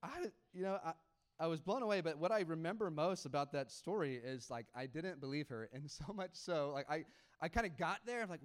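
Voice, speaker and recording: Young male pastor, lightly raised pitch, clean resonant tone, chatty animated sermon storyteller. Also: quick pace. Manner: casual, animated storytelling with laughs and quoted dialogue.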